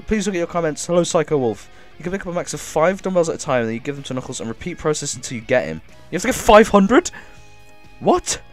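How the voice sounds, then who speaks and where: A man with a medium-pitched voice streams a game live, excitably reading chat aloud and thanking viewers. Now and then he coughs as though he's sick.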